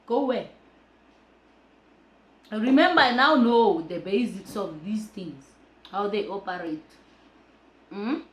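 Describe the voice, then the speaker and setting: A woman telling her own story in a lively way, laughing often. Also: medium pitch, unhurried. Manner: animated, laughing, mixes languages. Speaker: storyteller sharing her life journey. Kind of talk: personal storytelling vlog. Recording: roomy echo.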